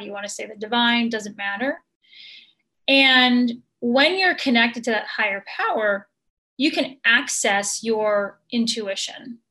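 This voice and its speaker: A woman coach answering an interview question in a gentle, measured, earnest way, with many ums. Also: a little high.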